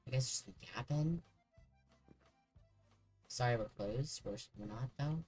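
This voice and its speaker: A man's voice: mid-range voice, slow, a little mellow, faint music behind, rough recording. A man streaming a horror game, chatting casually and joking with the characters on screen. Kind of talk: casual gameplay commentary.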